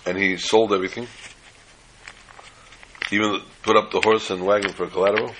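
A man telling a folk story in an animated way, slipping in Yiddish phrases. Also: lowish voice, brisk, slight background noise, low-quality recording.

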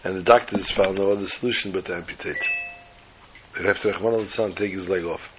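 A man's voice: sits low, steady tone, fairly quick, background noise. A man dramatically telling a religious story, building it with repetition.

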